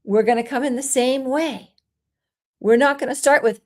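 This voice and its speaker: A woman parenting coach giving a solo talk, explaining calmly and acting out soothing things a parent might say. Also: sits high, normal speed. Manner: gentle, explanatory, acts out soothing parent lines.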